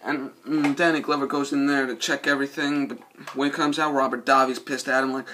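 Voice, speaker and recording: A man's voice: mid-range voice, a little fast. A man doing a casual, rambling movie review, cursing a lot and losing his train of thought. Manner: profane, excitable, loses his train of thought.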